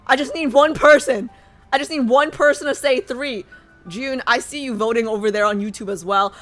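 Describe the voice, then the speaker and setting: A woman livestreamer chatting excitedly with her chat and reading game text aloud in a casual, chatty way. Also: high-pitched, normal speed, raised voice, soft background music.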